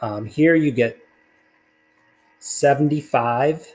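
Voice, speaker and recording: A man's voice: mid-range voice, takes it slowly, darkish tone, poor audio. A man teaching a recorded math lesson, talking casually through worked problems with fillers along the way.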